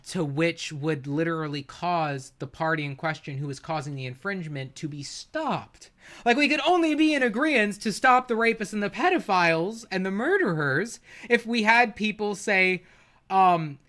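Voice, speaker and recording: In a sharp-toned, high-pitched voice, a streamer argues back at a debate clip, his heated commentary animated, profane, and exasperated, with occasional laughs. He speaks at a moderate pace.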